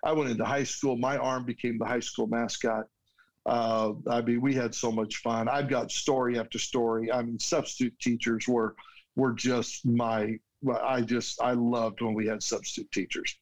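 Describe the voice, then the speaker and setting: Man, mid-pitched, guest sharing a heartfelt personal story, earnest, restarts now and then. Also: level tone, moderate pace, low-quality recording. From United States.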